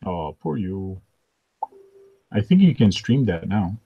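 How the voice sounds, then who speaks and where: A man's voice: low voice, animated, slow pace, phone-quality sound, noisy background. A man whose first language is French, in a casual podcast chat, joking at himself. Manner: self-deprecating, joking.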